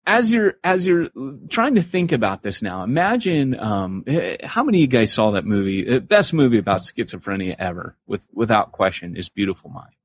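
A man co-hosting a podcast in casual chat, animated and acting out the voices he quotes. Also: lowish voice, slightly rough. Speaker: podcast co-host. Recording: slightly muffled podcast recording.

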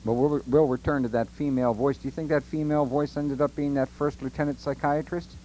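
A man's voice: medium pitch, steady tone, a little fast, warm tone, a little hiss or hum, low-quality recording. A man hosting a radio interview, prompting his guests with probing questions. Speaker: radio show host.

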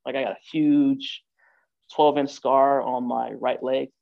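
Gravelly man telling his story casually. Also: medium pitch, level tone, slow pace. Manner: loose and conversational, with frequent fillers and "right?" checks. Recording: dull lo-fi recording.

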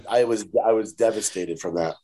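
A man telling a story in a casual chat, animated and laughing often, quoting people. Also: lowish voice. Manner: animated, laughing, quotes people in put-on voices. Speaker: podcast guest.

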